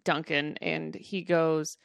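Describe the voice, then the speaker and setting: A woman's voice: deep voice, level tone, slow, gravelly, no room sound, clean studio sound. A woman co-hosting a podcast, chatting and acting out quoted lines as she tells a story. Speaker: podcast co-host. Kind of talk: casual chat.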